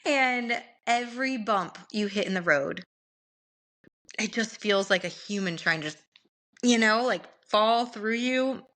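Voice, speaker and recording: A young woman with a bright, ringing voice chats through a story on a podcast. She talks in an animated way and laughs often. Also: medium pitch, slow.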